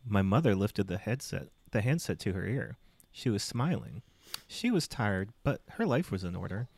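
A man's voice: fairly low pitch, very animated, normal speed, vocal fry, a little mellow, slightly rough, no room sound. A man reading a book aloud as a podcast co-host, with playful emphasis. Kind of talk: comic read-aloud.

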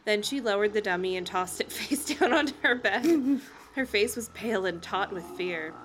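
A woman's voice: medium pitch, animated, fairly bright tone, a little hiss or hum. A woman co-hosting a comedy podcast, reading a children's horror book aloud and laughing at the text. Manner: reads narration briskly, laughing at the text.

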